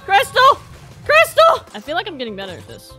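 A woman giving excitable let's play commentary, joking at the game and letting out loud shrieks as she plays. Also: extremely high pitch, a little fast. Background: game music.

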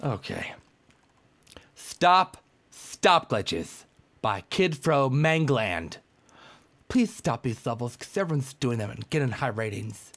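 A man giving excitable, frustrated commentary while playing a video game, yelping and ranting. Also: mid-range voice, slow, pauses often. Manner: excitable, frustrated, yelps and rants. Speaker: gamer. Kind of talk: gameplay commentary.

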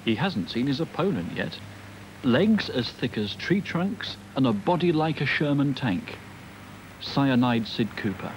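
A man's voice: mid-range voice, very animated, a little slow, slight background noise, low-quality recording. A British man giving matter-of-fact scripted narration for a documentary.

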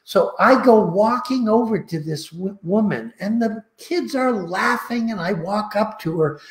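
An older man slowly telling heartfelt stories about his work, recorded on a video call. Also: sits high, lively intonation, reverberant. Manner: slow, heartfelt, emotional anecdotes. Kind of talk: casual storytelling.

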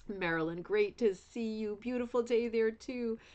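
A woman's voice: on the high side, moderate pace, darkish tone, rough recording. A middle-aged woman hosting a craft club livestream, chatting casually with viewers in a rambling way full of asides and restarts.

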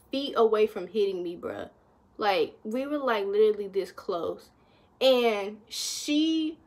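A young woman tells a story to her viewers in a relaxed, unhurried way. Her voice sits a little high, and she keeps the telling chatty, turning to the audience again and again as she goes. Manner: chatty, addresses viewers as y'all, lively retelling. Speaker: vlogger. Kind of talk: casual storytime.

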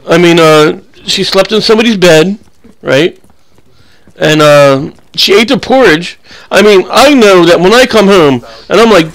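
Gravelly young man rambling over gameplay. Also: sits high, expressive, moderate pace. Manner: rambling, crude joking banter. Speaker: gaming channel host. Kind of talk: casual gameplay commentary.

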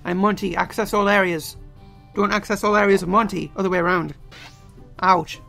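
Goofy young man yelling over a game. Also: high voice, fairly even intonation, normal speed, creaky. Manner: goofy, self-mocking, bursts into yells. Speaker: let's play gamer. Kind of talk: game commentary. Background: game music.

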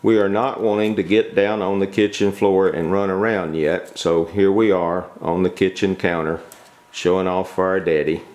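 A man's voice: low-pitched, level tone, moderate pace, a little mellow. A man filming puppies on a kitchen counter at home, chatting casually and coaxing them to come to him. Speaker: dog breeder filming puppies. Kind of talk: casual home video narration.

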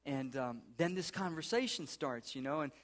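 A man's voice: a little high, moderate pace. Earnest, conversational middle-aged male pastor. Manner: earnest, conversational preaching with restarts and asides. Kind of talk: sermon. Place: church sanctuary.

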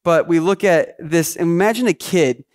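High-voiced, energetic male pastor preaching. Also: normal speed, smooth. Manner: energetic, emphatic preaching with rhetorical questions. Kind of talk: sermon.

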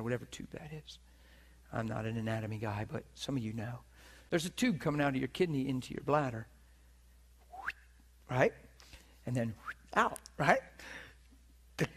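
A middle-aged man preaching, telling a personal story with animated delivery, acting out voices and laughing often. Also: mid-range voice. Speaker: preacher teaching on healing. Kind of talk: sermon storytelling. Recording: live teaching session, room mic.

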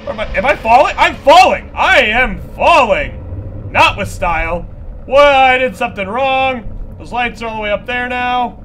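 A man's voice: very high-pitched, animated, moderate pace, a bit bright, a little hiss or hum. A man giving nervous, joking, profanity-laced commentary while playing a horror game. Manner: jumpy, swearing, nervous joking asides. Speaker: gaming channel host.

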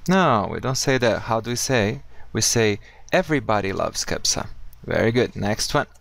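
A man teaching English in a casual video lesson, upbeat and friendly, slowing down to model each correct phrase. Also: fairly low pitch, animated, creaky, a bit bright, no echo.

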